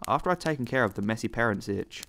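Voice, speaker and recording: A man giving scripted narration of horror stories, reading in a calm, steady way. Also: medium pitch, fast talker, vocal fry, a little hiss or hum.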